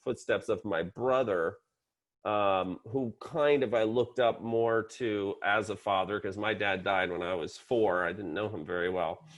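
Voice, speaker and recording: This is a man in his sixties, a psychiatrist guest in a casual interview. His voice sits slightly low, and his humor comes out dry and deadpan. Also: a little slow. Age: 60s.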